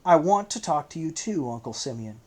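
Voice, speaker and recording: A man's voice: on the high side, expressive, normal speed, darkish tone. A man reading a bitter, tormented young man. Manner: bitter, terse, pained. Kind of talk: audiobook character reading.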